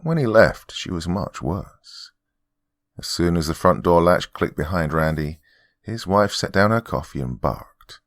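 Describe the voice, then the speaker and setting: A male horror podcast host reading a scripted tale in a measured, dry storytelling manner. His voice sits extremely low with heavy fry, yet moves lively up and down. The sound is close and dead, with no room around it. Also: no echo.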